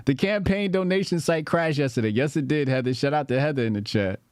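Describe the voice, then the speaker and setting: A man's voice: a little high, darkish tone, clear, resonant tone, no echo, clean studio sound. A man doing laughing reaction commentary, mocking what he watches and breaking into laughter often. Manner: mocking, laughs often, slow drawn-out delivery. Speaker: commentary streamer.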